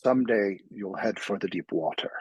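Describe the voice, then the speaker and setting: A man quoting a terse, cryptic older Irish teacher in a low brogue. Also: expressive, moderate pace, a little mellow, breathy edge, dry recording, highs cut off. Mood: dry.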